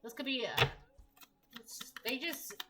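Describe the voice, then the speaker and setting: A woman's voice: high-pitched, animated, slow pace, over music, rough recording. A woman giving a casual collective tarot reading, talking conversationally and repeating her phrases as she reads the cards aloud. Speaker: tarot reader.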